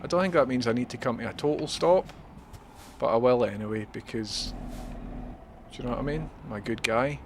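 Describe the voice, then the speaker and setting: A man's voice: mid-range voice, brisk, pauses often, background noise. A Scottish man chatting and swearing his way through a live gameplay stream, talking to viewers as he plays.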